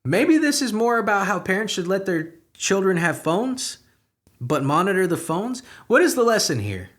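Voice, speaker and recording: A young man riffs on news headlines with crude sarcasm. His voice sits a little high and jumps wildly between low muttering and sudden loud outbursts, never staying flat for long. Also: normal speed. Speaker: comedy podcast host. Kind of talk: profane comedic news commentary.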